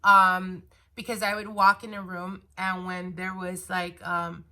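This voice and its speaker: A woman's voice: lowish voice, little pitch movement, unhurried, pushed and bright. A woman casually telling a personal story to her viewers, rambling with fillers and restarts. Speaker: tarot reader and channel host.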